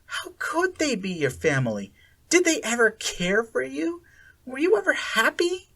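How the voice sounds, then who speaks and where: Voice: sits high, a little slow, voice pushed up, heavily acted. Narrator putting on a hollow, sing-song captor woman. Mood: sing-song soothing. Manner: gentle, cheerful sing-song, cool and even. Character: falsely sweet adult American woman captor.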